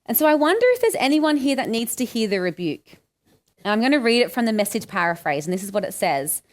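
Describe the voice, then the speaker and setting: An Australian woman preaches a conversational sermon, putting questions to her listeners and acting out the lines she quotes. Her fairly high voice moves quickly, with big swings in pitch.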